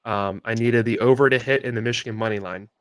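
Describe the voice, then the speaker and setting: A man's voice: medium pitch, steady tone, fast talker, a bit bright, clean tone, no room sound. A young man co-hosting a sports podcast, telling a long story in a casual, rambling way with many fillers and restarts. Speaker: podcast co-host.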